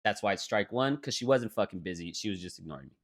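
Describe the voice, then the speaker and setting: Lively profane young man ranting. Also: on the low side, fast talker. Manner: profane, animated storytelling with mock voices. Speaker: podcast co-host. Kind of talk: casual chat.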